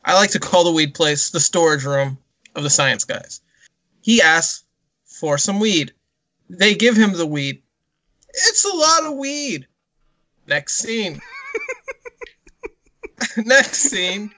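A man's voice: sits high, very animated, slow pace, pauses often, pushed and bright, no echo. A man co-hosting a podcast, retelling a film in a joking, theatrical way. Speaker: podcast co-host. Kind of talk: casual film discussion.

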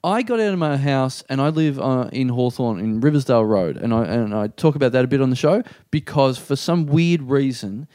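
An Australian man hosting a podcast, telling a story in an animated, self-deprecating way and acting out what people said. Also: mid-range voice, fairly quick, few pauses, dry recording, clean studio sound. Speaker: podcast host. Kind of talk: casual storytelling chat.

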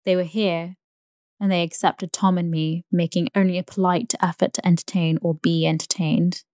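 Calm woman reading a sleep story. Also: fairly low pitch, normal speed, no room sound, studio quality.

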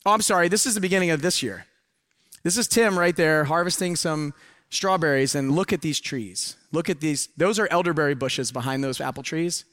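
A middle-aged man speaking at a live seminar with a high, bright and forceful voice. He preaches with energy and drops into hushed asides between loud urging. The sound is dry and close. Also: a little fast, dry recording. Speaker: motivational speaker. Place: event hall with a live audience.

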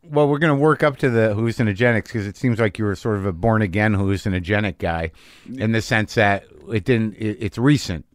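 A man's voice: on the low side, a little fast, no echo, clean studio sound. A man hosting a podcast interview, blunt and profane, riffing with jokes. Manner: blunt, swears freely, riffs with jokes. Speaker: podcast host. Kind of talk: casual interview.

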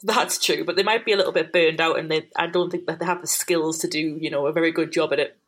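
A young woman co-hosts a casual podcast, teasing the show she is recapping. Her voice is low-pitched and husky, and she laughs often between her remarks. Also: steady tone, fast talker, a bit bright. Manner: laughing, amused, mocking commentary. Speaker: podcast co-host. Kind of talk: casual chat recapping a TV episode.

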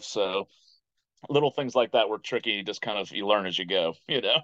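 An American man in his thirties, a podcast guest, telling stories in a casual and animated way. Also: fairly low pitch, brisk, no room sound. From United States. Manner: animated storyteller who acts out quoted voices. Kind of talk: casual interview storytelling. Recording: dull, dry podcast audio.

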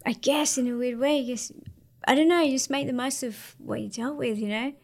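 Australian woman, 30s, interview guest; casual, slangy, higher voice. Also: fairly quick, darkish tone. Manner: laid-back, slangy, many fillers. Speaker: interview guest, para-surfer.

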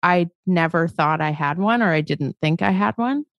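A woman's voice: on the low side, moderate pace, dry recording, highs cut off. A woman co-hosting a podcast, asking questions with a wry, joking manner. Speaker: podcast co-host. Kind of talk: conversational interviewing.

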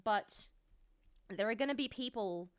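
A frank Australian woman rants in casual podcast chat and doesn't hold back on swearing. Her voice sits mid-pitch and sounds dry and close, with no room around it. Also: a little slow, clean tone, dry recording. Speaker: podcast co-host.

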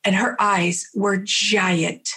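A woman's voice: mid-range voice, level tone, bright, forceful tone, husky. Woman telling an emotional personal story. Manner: vivid, repetitive, slows down for emphasis. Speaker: interview guest.

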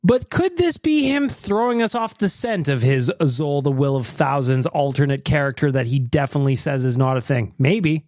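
A man's voice: mid-range voice, normal speed, few pauses, a little mellow, no room sound, clean studio sound. A man hosting a casual podcast, easygoing and teasing, often laughing as he talks. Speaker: podcast host.

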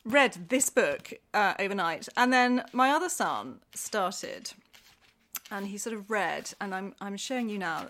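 A woman's voice: medium pitch, measured pace. A middle-aged woman, an author, chatting casually and telling stories with frequent laughs and restarts. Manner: animated storyteller, laughs often, many restarts. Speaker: author guest. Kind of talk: casual chat.

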